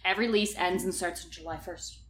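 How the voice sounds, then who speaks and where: A woman's voice: on the low side, brisk, slight background noise. A young woman co-hosting a podcast in casual chat, full of fillers, acting out what others said. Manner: chatty, uses many fillers, acts out quotes. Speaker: podcast co-host.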